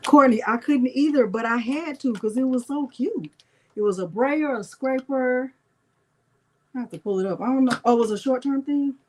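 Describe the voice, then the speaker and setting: Chatty crafting host woman, slightly high voice. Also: moderate pace, darkish tone, slight background noise. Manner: chatty, addresses viewers as y'all, self-teasing; muttering to herself while working. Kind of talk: casual livestream chat while crafting.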